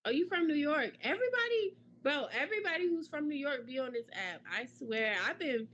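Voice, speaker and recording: A woman's voice: sits high, lively intonation, brisk, a bit bright. A young woman on a video chat app, asking curious questions in a casual way. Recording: dull lo-fi audio with faint noise.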